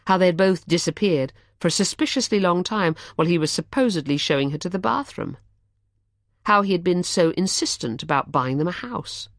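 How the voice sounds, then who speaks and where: A woman narrating an audiobook thriller in an expressive, measured storytelling manner. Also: low-pitched, dry recording, studio quality.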